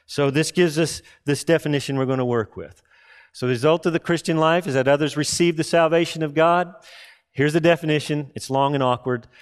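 A man preaching a sermon to a live audience, emphatic, asking rhetorical questions and slowing down for emphasis. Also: on the high side.

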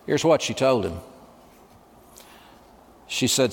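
A man preaching a sermon, telling a story with dramatic pauses and dropping to a hush at emotional moments. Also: mid-range voice, in a large hall. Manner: dramatic, hushed at emotional moments, acts out dialogue.

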